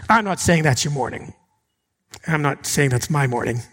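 A man's voice: fairly high pitch, animated, moderate pace, a bit bright, big-room sound. A man preaching a sermon as pastor, earnest and emphatic in short, punchy phrases.

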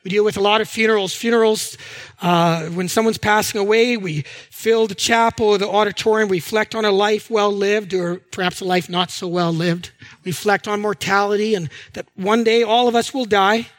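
A middle-aged male pastor delivers a sermon full of stories, acting out the people in them with different voices. His voice sits high, with a steady tone and a moderate pace.

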